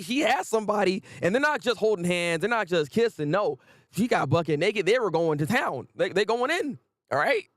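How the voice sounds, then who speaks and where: Man, high voice, very lively pitch, casual anime recap, laughs a lot, acts out lines, dry close sound. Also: dry recording. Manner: animated, laughs often, acts out characters' lines. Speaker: anime review host.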